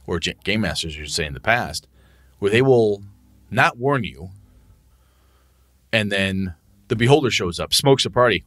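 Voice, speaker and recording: A man's voice: lowish voice, a little slow, pauses often, no echo, clean studio sound. A man co-hosting a casual tabletop gaming podcast, swearing freely and acting out what he says to his players. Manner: animated, profane, acts out what he says to players. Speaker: podcast co-host and game master.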